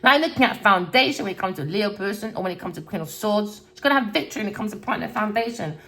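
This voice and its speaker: A woman reads tarot for a general audience and sounds preachy and scolding. She repeats herself, swears freely and keeps asking whether listeners understand. Her voice sits at an ordinary middle pitch. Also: expressive, fast, fairly bright tone. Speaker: tarot reader. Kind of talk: collective tarot reading monologue.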